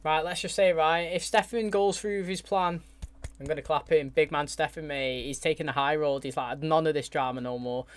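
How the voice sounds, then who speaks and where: A man chatting excitedly and slangily as he reacts to a TV episode. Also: a little high, moderate pace. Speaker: reaction video host.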